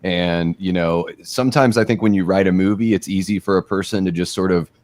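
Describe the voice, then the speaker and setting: A man giving measured, thoughtful comments on a movie panel. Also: low voice, steady tone, darkish tone, no room sound. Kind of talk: casual movie discussion.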